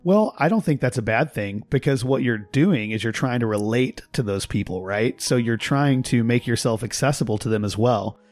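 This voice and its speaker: Measured man explaining on a podcast. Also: mid-range voice, expressive, a little mellow, no echo. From Texas. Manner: explanatory, measured, laughs at his own examples. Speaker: podcast guest, linguist. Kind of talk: casual conversation.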